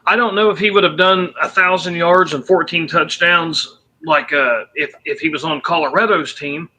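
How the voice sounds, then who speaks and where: A man's voice: fairly high pitch, steady tone, normal speed, sharp tone, low-quality recording. A man hosting a casual sports talk stream over a remote call mic, joking and rambling with restarts.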